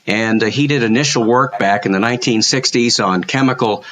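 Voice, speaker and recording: A man's voice: mid-range voice, brisk, a bit bright. An older man, a surgeon, speaking reflectively as a podcast guest over a call, with many restarts. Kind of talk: podcast interview. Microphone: video call.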